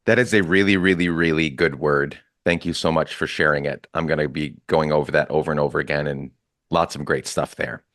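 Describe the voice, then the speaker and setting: A man's voice: a bass voice, steady tone, fairly quick, no echo, clean studio sound. A man hosting a podcast, wrapping up with effusive, enthusiastic thanks to his guest. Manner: effusive, enthusiastic, warmly grateful. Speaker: podcast host. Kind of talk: casual podcast chat.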